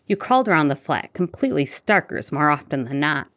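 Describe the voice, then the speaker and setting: A woman's voice: low voice, sing-song, a little fast, fairly bright tone, dry recording, clean studio sound. A woman reading fan fiction aloud, voicing a wry, teasing middle-aged male wizard.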